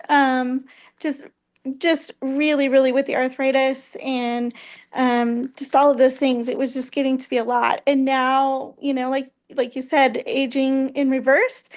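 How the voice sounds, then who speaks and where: High-voiced woman sharing a hesitant, heartfelt testimony. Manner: hesitant, full of ums, heartfelt. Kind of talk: personal testimony.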